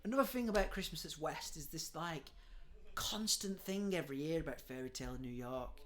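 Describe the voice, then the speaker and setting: A man, hosting a casual comedic chat, telling stories with swings between hushed and loud delivery and frequent swearing. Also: on the high side, a little fast. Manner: animated storytelling, swears freely, laughs often, drops to a hushed tone. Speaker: podcast host.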